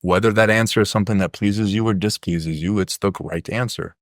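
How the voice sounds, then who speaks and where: A man's voice: on the low side, a little fast, no echo. Man, polish as first language, blunt and profane storyteller, dry close sound. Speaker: podcast guest. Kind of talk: casual chat, storytelling.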